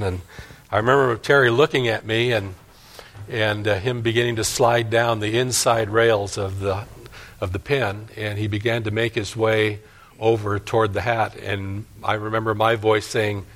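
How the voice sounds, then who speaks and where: A man's voice: fairly low pitch, steady tone, moderate pace, a bit bright. An older man, a pastor, preaching a sermon and telling a folksy story from his childhood.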